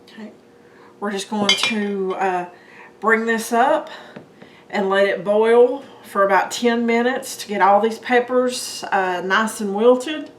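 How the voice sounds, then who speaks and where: A woman speaks slowly and steadily in a medium-pitched voice as she hosts a home cooking video, chatting to viewers as guys and folks. The echoey kitchen room carries clinking dishes and utensils, and there's a little hiss or hum.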